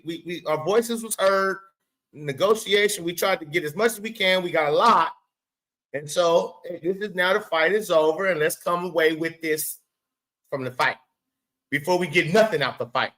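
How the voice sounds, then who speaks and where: High-voiced man ranting in casual commentary. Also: a bit bright, rough recording. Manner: profane, emphatic, talks straight to the person he discusses. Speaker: show host.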